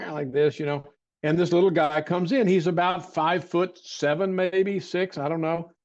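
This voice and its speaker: An older man tells a long personal story as an interview guest, full of restarts and throat clearing. His voice sits a little high for a man. The recording is dull and muffled. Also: darkish tone. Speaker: interview guest, martial arts teacher.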